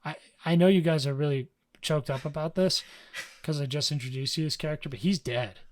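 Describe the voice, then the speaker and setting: A young man co-hosting a podcast, recapping a story in a casual, slangy way and slipping into quick character voices. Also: on the high side, background noise. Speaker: podcast co-host.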